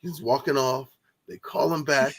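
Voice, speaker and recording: Male co-host, mid-pitch, excitable, curses a lot, light background noise. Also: normal speed. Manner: excitable, swears, repeats words when worked up. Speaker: podcast co-host. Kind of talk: casual wrestling chat.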